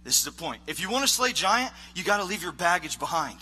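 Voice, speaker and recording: A man preaching a casual, animated sermon as a youth pastor, acting out voices of characters. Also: high-pitched, fast talker, husky.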